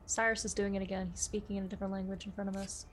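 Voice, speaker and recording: A woman playing a tabletop game, chatty and quick to object. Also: mid-range voice, little pitch movement, slight background noise. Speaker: player. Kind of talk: casual tabletop game chat.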